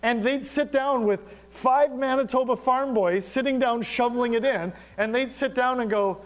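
A man's voice: very high voice, normal speed. A middle-aged male pastor preaching a sermon, telling stories with humor and acting out bits of dialogue. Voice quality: animated, humorous storytelling with acted-out dialogue.

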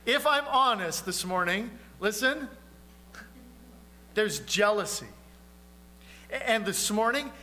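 Bright, high-voiced preaching man. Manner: earnest, conversational preaching with rhetorical questions. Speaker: pastor. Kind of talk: sermon.

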